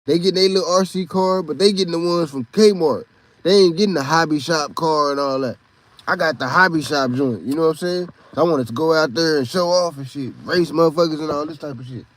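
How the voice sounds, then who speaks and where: High-voiced, profane Texan man telling stories. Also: a little fast, no room sound. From Texas. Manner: profane, rambling, animated. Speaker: podcast host. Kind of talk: casual storytelling monologue.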